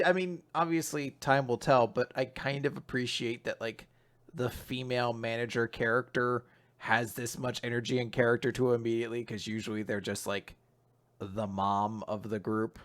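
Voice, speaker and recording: A man's voice: medium pitch, fairly even intonation, normal speed, a bit bright. A man co-hosting a podcast, talking through comics enthusiastically with lots of fillers. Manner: enthusiastic, filler-heavy talk. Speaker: podcast co-host. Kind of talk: casual chat reviewing manga.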